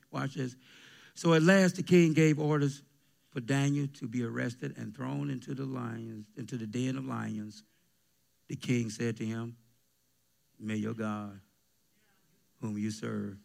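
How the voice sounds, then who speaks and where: Gravelly-voiced pastor preaching, loud bursts, talks back and forth with the congregation. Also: male voice, medium pitch. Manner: preaching with call-and-response, bursts of shouting. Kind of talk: sermon. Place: church sanctuary with congregation.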